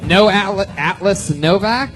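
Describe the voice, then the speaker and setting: A man's voice: high-pitched, unhurried, music in the background. A man in his thirties hosting a live comedy show, teasing the comics he interviews. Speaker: host.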